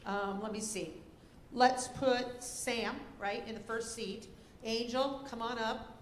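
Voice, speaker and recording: Woman, spelling bee pronouncer, deliberate delivery, letters spelled out slowly, echoey school auditorium, faint background noise. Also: a little high, fairly even intonation. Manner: gives stage directions to contestants. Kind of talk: reading words and definitions aloud.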